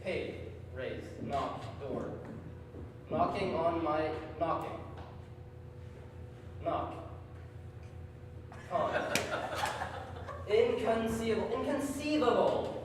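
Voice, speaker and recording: A man's voice: a little high, extremely slow, long pauses. A man on stage in live improv comedy, rambling through guesses aloud. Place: large echoey hall, far from mic. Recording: echoey hall from far off, noisy.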